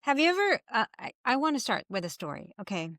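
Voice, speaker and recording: Middle-aged woman, podcast host, animated storyteller, dry close recording. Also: a little high, quick pace, no echo. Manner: animated storytelling, acts out her own past frustration. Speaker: podcast host, health coach. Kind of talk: casual podcast chat.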